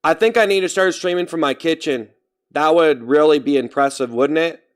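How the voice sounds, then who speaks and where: A man with a fairly high voice rambles through a casual live stream, talking straight to his chat. He keeps tripping over his words, restarting and correcting himself before he finishes a thought. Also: moderate pace. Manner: talks straight to chat, reading out names.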